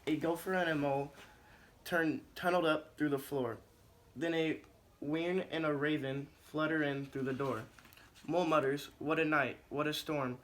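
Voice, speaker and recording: A man's voice: fairly high pitch, steady tone, normal speed, fairly bright tone. A male teacher in a classroom reading a picture book aloud in a rhythmic, sing-song way, then giving instructions.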